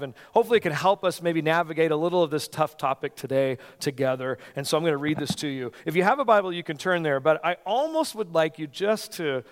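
A pastor preaching a sermon and reading scripture aloud, getting louder and more animated during the dramatic passages, in a church sanctuary. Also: male voice, on the high side, smooth. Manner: animated reading, rising loud for dramatic lines. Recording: long hall reverb.

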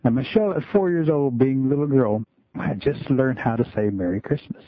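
Husky man telling a story by phone. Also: medium pitch, brisk, no room sound. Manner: relaxed folksy storytelling, many "just kinda". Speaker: school and community storyteller. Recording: tinny phone-like radio line.

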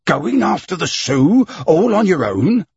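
A man's voice: a little high, lively intonation, normal speed, husky, no room sound, dull audio, voice pushed up. A man voicing an uneasy police inspector. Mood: anxious.

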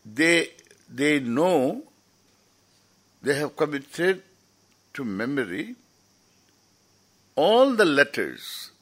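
A man's voice: a little high, big pitch swings, very slow, long pauses, fairly bright tone. A man giving an informal, rambling lecture as a teacher at a scripture camp, often restarting his sentences. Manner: rambling, explanatory, with frequent restarts.

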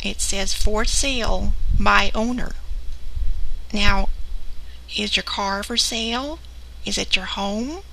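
A woman putting on a slow, gentle old lady calling about something she doesn't understand. She speaks unhurriedly in a bright, edgy voice with a gravelly fry, polite and puzzled. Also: mid-range voice, full character voice, low-quality recording. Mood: sweetly confused. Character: sweet, confused older woman caller. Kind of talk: prank phone call role-play.

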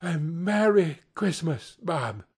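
A man's voice: on the high side, very animated, slow, full character voice. A man reading an audiobook, voicing an old man who plays stern and then turns hearty and generous. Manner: gruff mock sternness turning hearty. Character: old man, reformed miser, suddenly jovial. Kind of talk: storybook reading.

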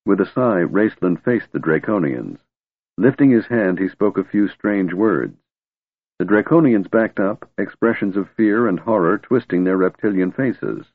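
Male audiobook narrator, husky, phone-thin sound. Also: lowish voice, no room sound. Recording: tinny narrow-band recording.

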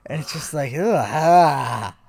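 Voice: mid-range voice, slow pace, vocal fry, a little mellow, dry recording. Rambling, profane podcast co-host on a dry close mic. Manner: rambling, many restarts and fillers, swears. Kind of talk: casual comedic chat.

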